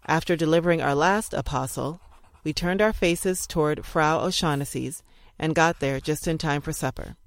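Audiobook narrator, reading old letters aloud, measured even delivery, middle pitch, dry close sound. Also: dry recording.

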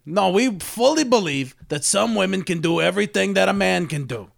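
A man's voice: high-pitched, lively intonation, fairly quick, gravelly, heavily acted. A man voicing a crude, boastful male company boss who talks in ungrammatical tough-guy slang, in an improvised comedy podcast bit. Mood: cocky. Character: crude boastful male CEO Eddie, brother, middle-aged. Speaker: podcast co-host.

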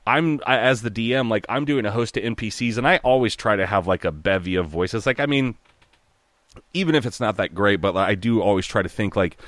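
Guy in his 30s rambling about doing voices, lots of ums and swearing, lowish voice, dry close sound. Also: expressive, a little fast, a bit bright, no echo. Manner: rambling, lots of fillers and swearing, breaks into impressions. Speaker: podcast guest or co-host, dungeon master. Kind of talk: casual chat.

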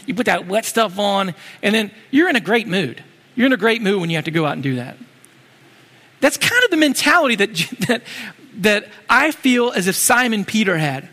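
A man delivers a casual, animated sermon and keeps asking rhetorical questions. His voice is high and bright and swings widely in pitch. Long hall reverb trails every line. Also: moderate pace. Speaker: preacher.

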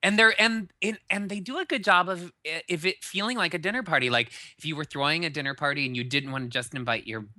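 A man co-hosting a podcast in casual chat, animated, often restarting his sentences. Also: on the high side, fast talker, hardly any pauses, no echo, clean studio sound. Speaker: podcast co-host.

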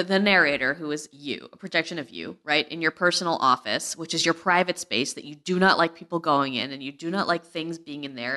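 A woman's voice: sits low, pushed and bright. A woman hosting a podcast, chatting in a brash, joking way and swearing freely. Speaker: podcast host. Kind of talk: casual podcast chat.

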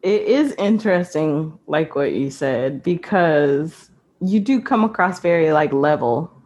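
A woman's voice: low-pitched, expressive, measured pace, a little mellow. A woman interviewing a guest in a curious, chatty way. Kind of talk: casual interview chat.

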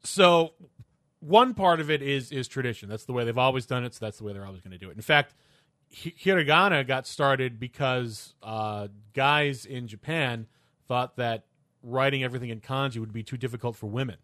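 A man's voice: mid-range voice, normal speed, fairly bright tone, no echo, clean studio sound. A man co-hosting a casual podcast chat, explaining at length with frequent restarts and hesitations.

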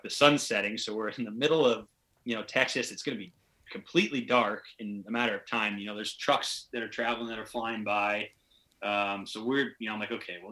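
A man's voice: fairly low pitch, pushed and bright. A man telling a long, rambling story in a casual podcast chat, acting out the voices of the people he quotes. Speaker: podcast guest, pro hockey player.

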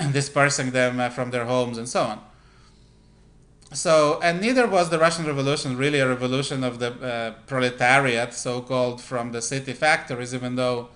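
A male radio commentator delivering a political monologue at a middling pitch. He talks in a deliberate, halting way, breaking his sentences with fillers, restarts and frequent throat-clearing. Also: fairly bright tone.

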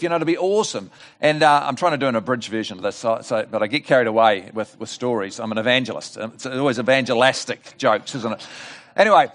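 A middle-aged man preaches at a church service in a lively voice that swings high and low. He sits a little high for a man and tells a joke as an animated storyteller, full of asides and restarts. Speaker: guest preacher. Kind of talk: sermon with a told joke.

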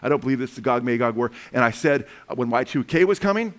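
A middle-aged man preaching about world events, talking in a rambling, animated way with frequent restarts. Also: mid-range voice, quick pace. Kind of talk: sermon with commentary.

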